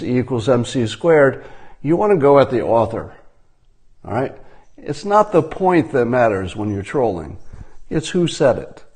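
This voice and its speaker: A man giving a deadpan satirical monologue, mock-instructional and ironic in tone. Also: medium pitch, slightly rough. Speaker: commentator.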